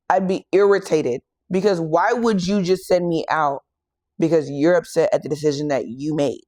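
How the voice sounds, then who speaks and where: A woman who hosts a faith and fitness channel retells a Bible story in a casual, animated way, acting out the quoted lines. She has a deep voice and speaks at normal speed, recorded at studio quality with no echo.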